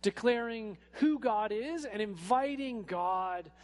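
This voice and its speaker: A man preaching a sermon in a church, speaking in a casual, animated way with frequent fillers. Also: high-pitched, slow. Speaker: pastor. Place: church sanctuary. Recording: echoey hall.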